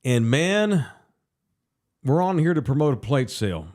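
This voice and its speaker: A man's voice: mid-range voice, big pitch swings, measured pace, darkish tone. A man hosting a casual podcast, talking in a loose, rambling way with fillers. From San Antonio area. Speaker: podcast host. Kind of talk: casual sports podcast chat.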